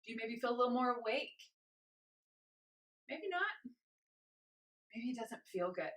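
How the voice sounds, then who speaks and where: A young woman leading a guided movement class, encouraging and gentle, a little out of breath as she moves. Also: on the high side, sing-song, measured pace. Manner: encouraging, gentle, invites choices. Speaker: movement instructor. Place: home room with carpet.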